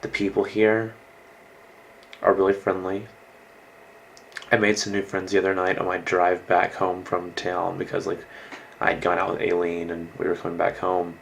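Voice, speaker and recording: A man's voice: low voice, monotone, normal speed, gravelly, pauses often, a bit bright, slight background noise, low-quality recording. A young American man rambling through a casual video diary as an exchange student, full of likes and ums and casual swearing. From United States. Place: indoors in a host family's house.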